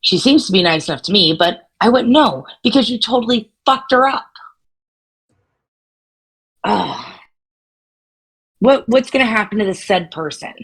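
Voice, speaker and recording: A woman playing a blunt, crude, short female adventurer in a tabletop game, sharp-tongued and swearing freely. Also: medium pitch, expressive, measured pace, long pauses, slightly rough, voice pushed up, low-quality recording. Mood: defiant.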